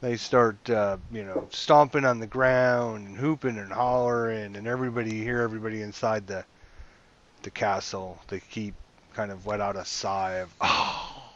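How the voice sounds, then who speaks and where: A man's voice: on the low side, steady tone, moderate pace, lo-fi sound. A man running a tabletop game as game master, narrating loosely and chattily and checking in with the players.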